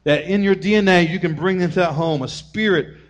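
A man preaching a sermon to mothers, energetic and conversational, acting out short scenes of family members as he goes. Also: high voice, brisk. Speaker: pastor.

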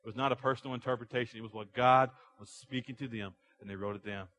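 A man's voice: medium pitch, fairly even intonation, fast, a bit bright. A man preaching a sermon to a congregation, building energy with rhetorical questions. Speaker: pastor. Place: church sanctuary.

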